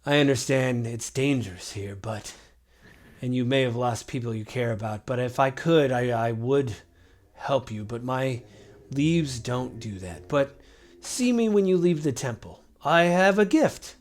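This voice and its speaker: A man voicing a soft-spoken tree guardian. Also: medium pitch, expressive, unhurried, lightly acted. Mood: gentle. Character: calm male tree-like guardian spirit.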